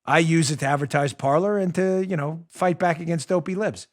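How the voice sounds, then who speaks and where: A man's voice: fairly high pitch, fairly quick. A middle-aged man, hosting a talk show in a combative, sarcastic monologue. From New York. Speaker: show host.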